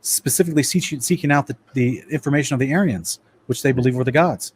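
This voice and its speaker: Quick-paced and husky, with a slightly mellow, medium-pitched voice, a man leads a casual lecture-style Bible study. He addresses listeners as "guys" and sometimes trips and restarts when reading passages aloud.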